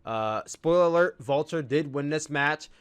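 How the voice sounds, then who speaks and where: An excitable man hosts a casual wrestling podcast, rambling and restarting his sentences as he gushes. His voice sits a little high for a man, and the sound is dry and close. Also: moderate pace, smooth, dry recording. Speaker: podcast host.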